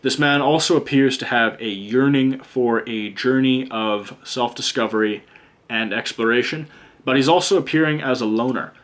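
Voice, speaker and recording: A man's voice: medium pitch, moderate pace, a bit bright. Blunt, ranting male tarot reader. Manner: blunt, chatty, swears freely, prone to rants. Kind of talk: casual pick-a-card reading.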